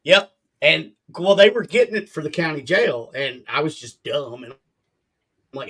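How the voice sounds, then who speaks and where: A man's voice: a little high, lively intonation, normal speed, fairly bright tone. A man and former jail officer in a casual chat, mostly agreeing briefly, then telling his own stories.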